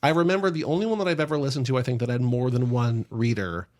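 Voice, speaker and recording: A man's voice: mid-range voice, a little mellow. A man co-hosting a book podcast, chatting casually and reading out listener questions. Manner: fast, chatty, reads listener questions aloud. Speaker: podcast co-host.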